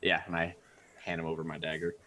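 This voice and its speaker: A man's voice: extremely low pitch, monotone, fast talker, pushed and bright, a little hiss or hum. A man playing a tabletop game, talking plainly and briefly. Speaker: player. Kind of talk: casual tabletop play.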